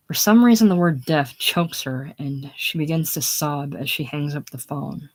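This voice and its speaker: A reader calmly reading a play's stage directions aloud in a casual, plain way. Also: medium pitch, normal speed, few pauses.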